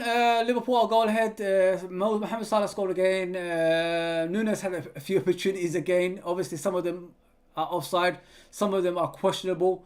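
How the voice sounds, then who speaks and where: A man hosting a live football watch-along, excitably calling the play, yelling at players and chatting with viewers. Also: sits high, moderate pace. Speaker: fan channel host reading live chat.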